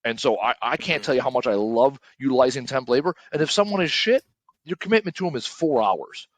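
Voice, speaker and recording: A man's voice: mid-range voice, animated, fairly quick. A man talking casually as a podcast guest, blunt and emphatic, swearing and tagging lines with "right?".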